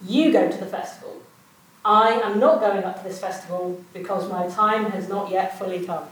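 A woman's voice: mid-range voice, expressive, measured pace. A woman giving an informal sermon in a conversational way, often asking her listeners questions. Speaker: preacher. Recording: roomy echo, voice far from mic.

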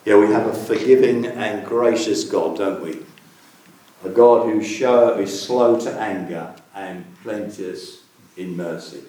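A man's voice: on the low side, takes it slowly, dark tone, slight background noise. A man preaching a sermon in an earnest way, putting searching questions to his listeners. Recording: very echoey room, voice from far off the mic.

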